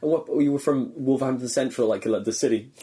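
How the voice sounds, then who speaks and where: A man hosting a podcast, chatting casually and chiming in with quick agreement. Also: medium pitch, warm tone. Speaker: podcast host. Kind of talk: casual chat.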